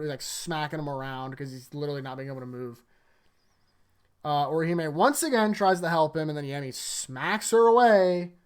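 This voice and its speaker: A man's voice: fairly high pitch, clean tone. A man casually recapping anime episodes in front of a green screen, rambling with lots of fillers like "like" and "uh".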